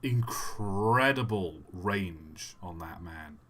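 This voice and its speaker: A man's voice: low voice, animated, extremely slow, fairly bright tone. A man answering chat questions on a casual live stream, rambling and self-deprecating, with many fillers.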